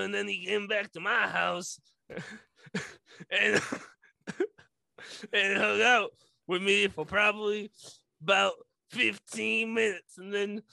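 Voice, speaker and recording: A man's voice: high-pitched, vocal fry, sharp tone, dry recording. A man reading a transcript aloud for comic effect, often laughing, on a close podcast mic. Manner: giggly, breaks into laughter. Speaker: comedy podcast co-host.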